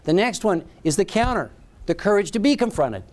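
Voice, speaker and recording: A man's voice: high-pitched, sing-song, a little fast, a little mellow. A man giving a keynote speech, telling a story in short, dramatic phrases. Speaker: keynote speaker.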